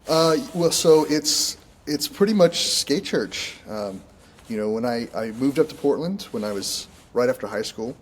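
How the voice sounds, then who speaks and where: A man from Oregon, a minister and contractor, chatting casually as a guest in an interview, relaxed and rambling, often laughing. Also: medium pitch, unhurried. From Oregon, United States.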